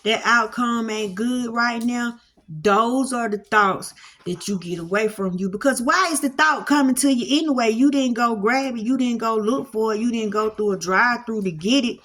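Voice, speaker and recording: A woman's voice: on the high side, moderate pace, fairly bright tone. Folksy woman preaching in a drawl. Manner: folksy preacher cadence, repeats phrases, Southern vernacular. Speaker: spiritual teacher. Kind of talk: casual monologue to camera. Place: home with dogs at her feet.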